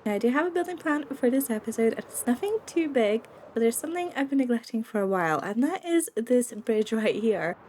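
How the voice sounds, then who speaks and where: A woman's voice: on the high side, expressive, a little fast, hardly any pauses, a little mellow, a little hiss or hum. A young woman with a cold, chatting and giggling through casual let's-play commentary and talking to the game's creatures. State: voice affected by a cold. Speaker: gaming video creator.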